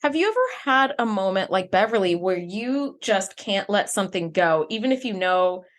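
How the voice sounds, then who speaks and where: A woman's voice: medium pitch, lively intonation, normal speed. A woman co-hosting a podcast in casual chat, enthusiastically acting out characters' lines as she recaps. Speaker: podcast co-host.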